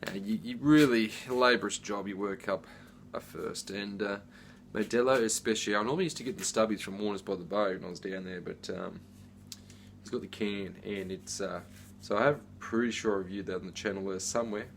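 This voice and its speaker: Middle-aged man, low-pitched, rambling chatty vlog talk, faint background hiss. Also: fairly quick. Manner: rambling, chatty, with many fillers. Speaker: beer reviewer. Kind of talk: casual unboxing chat.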